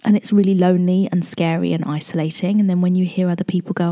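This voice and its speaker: A woman's voice: on the low side, fast talker, hardly any pauses, warm tone. A young woman talking in a casual, emotional, rambling way, with lots of fillers and restarts. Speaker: podcast host. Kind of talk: casual personal chat.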